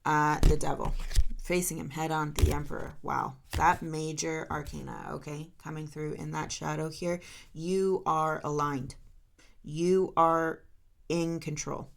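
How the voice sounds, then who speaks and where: A woman with a low-pitched voice and vocal fry does a solo tarot reading. She speaks directly to her viewers in an emotional, encouraging way.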